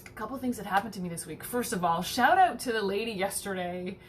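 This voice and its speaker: A woman's voice: quick pace, a little hiss or hum. A woman, a home baking vlogger, rambles through a casual story and acts out the people in it. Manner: chatty, animated, swears casually, acts out quoted people in a higher voice. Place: home kitchen.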